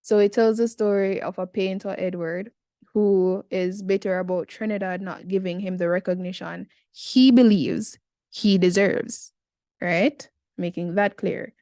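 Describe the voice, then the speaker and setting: A woman's voice: mid-range voice, steady tone, unhurried, dark tone, no echo, studio quality. A Jamaican woman in her twenties, talking through an essay in a casual, chatty tutorial with slangy asides. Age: 20s.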